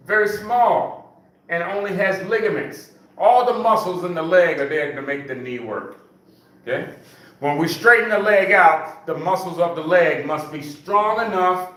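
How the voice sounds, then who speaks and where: A man with a bright, fairly high voice leads a seniors' exercise class, counting reps out loud and coaxing the group along. He sounds far from the mic, and the room around him echoes. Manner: counts reps aloud, coaxing with frequent "okay?". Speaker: senior fitness instructor. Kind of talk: live exercise class instruction.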